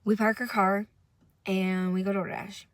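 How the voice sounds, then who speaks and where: A woman's voice: mid-range voice, little pitch movement, unhurried, no room sound. A young woman, tired from little sleep, telling a rambling, profane story to camera in a casual vlog. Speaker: vlogger.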